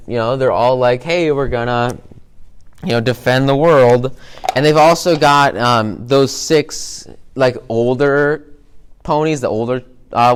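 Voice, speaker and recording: Brief: male presenter, smooth clear voice, mid pitch, loose excited recap with lots of fillers. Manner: excited, filler-heavy retelling with many "like"s and "um"s. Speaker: presenter recapping a cartoon episode. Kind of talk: casual rambling recap.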